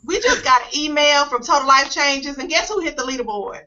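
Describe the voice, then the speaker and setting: High bright-voiced woman hosting a web call. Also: a little fast. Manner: upbeat, emotional, encouraging. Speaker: host. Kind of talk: casual online team call. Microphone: video call. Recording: dull lo-fi web call audio.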